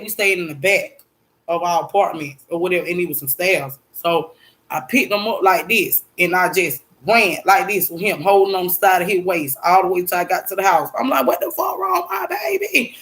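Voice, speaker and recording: A young woman vlogger telling a personal story in a blunt, profane, repetitive way, breaking into loud exclaimed quotes. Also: fairly low pitch, fairly quick. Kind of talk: emotional storytime monologue.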